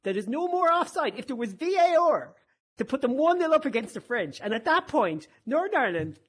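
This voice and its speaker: A man's voice: very high voice, sing-song, a little fast, a bit bright. A man hosting a podcast, talking football with enthusiastic, playful exaggeration. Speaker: host. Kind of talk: casual podcast chat.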